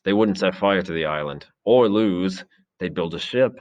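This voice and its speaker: A man's voice: sits low, moderate pace, a little mellow, muffled recording, natural voice. A man reading aloud, voicing a chubby, anxious, thoughtful schoolboy. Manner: worried, pleading.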